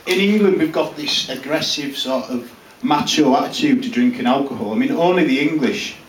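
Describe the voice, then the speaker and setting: A man's voice: medium pitch, normal speed, natural voice. A man playing a blunt, rambling male Cumbrian farmer in a live stand-up character act, speaking crudely with a Cumbrian accent. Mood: brash. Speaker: character comedian. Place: small pub comedy room, live audience. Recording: roomy, distant mic, noisy live room.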